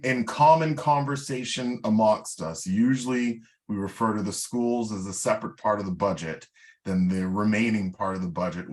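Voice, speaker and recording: A man serving on a town committee, speaking in a measured, explanatory way at a meeting. His voice sits somewhat low. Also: a little mellow. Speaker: committee member. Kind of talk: clarifying remarks at a meeting.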